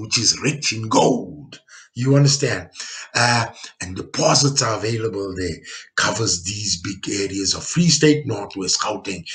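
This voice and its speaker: A man teaching a geography lesson over slides. He checks in often with "okay" and "all right" and pushes key words out loudly. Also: on the low side. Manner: stresses key words with sudden loud pushes.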